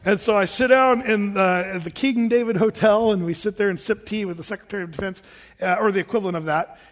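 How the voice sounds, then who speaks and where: A male preacher talks fast in a high-pitched voice, relating a personal story to a live congregation with chatty, self-amused energy and plenty of laughter. The sermon echoes with the long reverb of a large hall.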